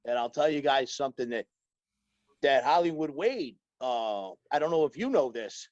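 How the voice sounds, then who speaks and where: A man's voice: mid-range voice, lively intonation, normal speed, darkish tone, no room sound. A man chatting as a podcast guest, rambling with many fillers and restarts. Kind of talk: casual chat, storytelling. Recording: dull lo-fi dry audio.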